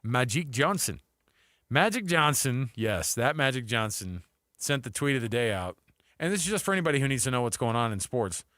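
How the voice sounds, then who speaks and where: A man's voice: medium pitch, big pitch swings, a little fast, a bit bright, no room sound, studio quality. A man hosting a sports radio show, joking and wry in casual banter with his co-host. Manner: joking, wry, reads quotes aloud in mock voices. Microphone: studio microphone, dry.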